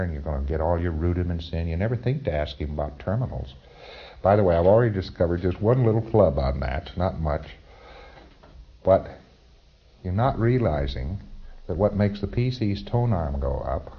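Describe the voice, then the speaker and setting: Male lecturer, low voice, wry and conversational, lo-fi old tape. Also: normal speed, slightly rough. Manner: wry, conversational, with chuckles and mock dialogue. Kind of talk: recorded training lecture.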